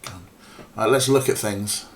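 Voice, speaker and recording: A man's voice: fairly low pitch, a little slow, slight background noise. A man casually commentating a game stream, rambling and mocking, with lots of ums and swearing. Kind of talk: casual let's play commentary.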